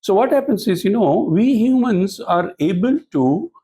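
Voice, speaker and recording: A man's voice: high voice, animated, measured pace, dark tone, slightly rough, low-quality recording. A man giving a training lecture to business professionals, explaining points and posing rhetorical questions to the audience. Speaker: speaker at a corporate training talk.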